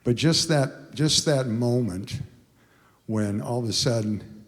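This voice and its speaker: A man around 80, a singer telling a halting, emotional story on stage between songs at a concert, with many restarts and fillers. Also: medium pitch. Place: concert hall. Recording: long reverb of a concert hall.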